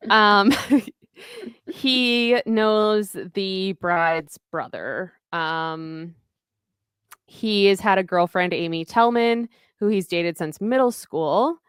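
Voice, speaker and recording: A woman's voice: mid-range voice, drawn-out words, fairly bright tone, clean tone, dry recording, clean studio sound. A woman podcast co-host casually recapping a novel chapter, rambling with fillers.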